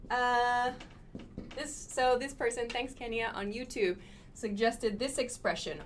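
A woman's voice: on the high side, fairly even intonation, a little slow, a little hiss or hum. A woman teaching English in a cheerful live-streamed lesson, laughing often and talking to her viewers.

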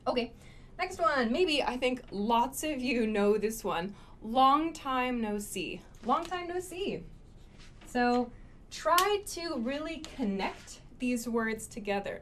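A woman teaching spoken English phrases, modeling each one clearly and patiently and explaining it step by step. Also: a little high, slight background noise.

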